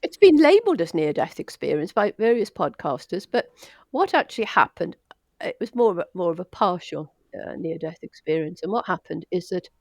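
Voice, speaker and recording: A woman's voice: on the low side, big pitch swings, fairly quick, dry recording, studio quality. An older woman from Wales, a doctor telling stories in an interview, chatty and self-deprecating. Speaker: doctor, guest. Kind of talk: casual storytelling interview.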